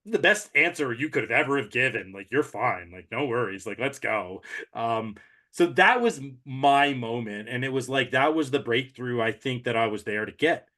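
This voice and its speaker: A man's voice: medium pitch, expressive, normal speed, sharp tone. A man earnestly and emotionally recounting a breakthrough moment during an ultramarathon, in a reflective, conversational way. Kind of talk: casual conversational recap.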